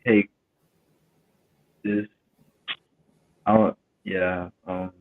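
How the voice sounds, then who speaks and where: A man's voice: low-pitched, flat delivery, extremely slow. A hesitant man who stumbles over his words as he is coached on a call. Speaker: coaching student. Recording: tinny phone line.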